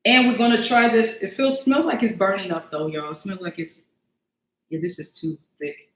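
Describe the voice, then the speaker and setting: A woman chats her way through a casual cooking livestream from her home kitchen. She talks straight to her viewers as y'all and thinks aloud while she works. Her voice sits in a middle pitch, and the kitchen gives it a roomy echo. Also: normal speed.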